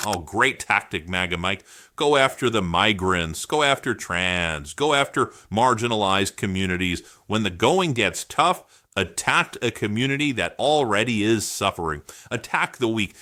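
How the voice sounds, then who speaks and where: Guy doing snarky political commentary, sharp bright voice, super dry sound. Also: medium pitch, dry recording. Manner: sarcastic, animated, rapid-fire rhetorical questions.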